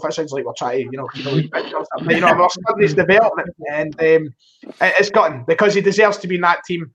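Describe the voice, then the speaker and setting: Guy on a call, quick and high, muffled lo-fi audio. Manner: animated, self-mocking. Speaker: guest on a fan football stream. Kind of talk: casual football chat. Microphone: online voice call.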